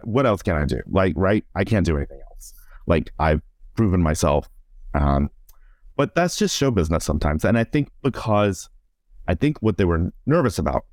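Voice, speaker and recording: On a relaxed podcast, a middle-aged stage performer and director tells stories from his life with energy, acting out the quotes and filling his speech with "like." His voice is low and a little mellow. The studio-quality audio has no room sound.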